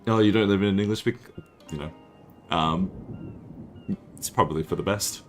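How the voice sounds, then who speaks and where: Faint music sits behind this young Northern Territory Australian as he livestreams a strategy game, talking at a moderate pace in a low-pitched voice. He's rambling and casual, laughing frequently and self-deprecating.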